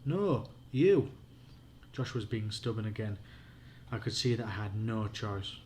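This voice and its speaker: Yorkshire dad reading a bedtime story. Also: male voice, fairly low pitch, level tone, normal speed, slight background noise. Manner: plain, unpolished reading with occasional slips. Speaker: father reading aloud.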